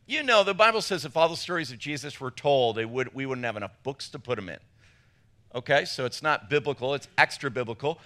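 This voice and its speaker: A middle-aged man preaching a humorous sermon, animated and jokey, acting out little voices. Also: medium pitch, fairly quick. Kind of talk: humorous sermon to a men's gathering.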